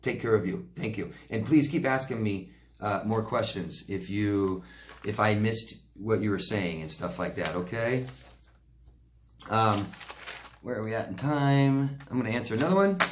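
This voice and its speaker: A man with a somewhat low voice talks straight to his viewers, answering their questions one by one. His manner is direct and reassuring, and he keeps checking in with a quick "okay?". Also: a little hiss or hum. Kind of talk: casual Q&A advice talk.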